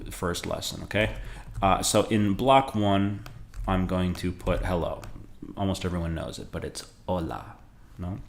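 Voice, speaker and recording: A man from the United States teaching beginner Spanish in a loose, talky way, often checking in with the listener. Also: deep voice. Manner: loose and talky, restarts and frequent "okay?". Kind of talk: casual spoken lesson.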